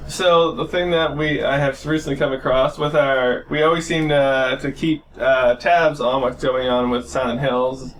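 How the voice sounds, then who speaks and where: A man's voice: medium pitch, steady tone, normal speed, few pauses, a little hiss or hum. A young man co-hosting a casual podcast chat, laughing often and restarting his sentences. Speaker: podcast co-host.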